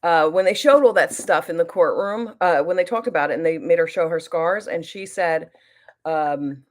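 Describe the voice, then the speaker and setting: A woman's voice: fairly low pitch, normal speed. A middle-aged woman chatting casually as she does her makeup and reads viewer comments aloud. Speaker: beauty vlogger. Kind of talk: casual get-ready-with-me chat.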